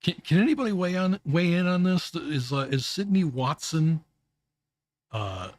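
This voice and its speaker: A man streaming casual reaction commentary, halting and often restarting his words with little chuckles. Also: on the high side, expressive, darkish tone, no echo.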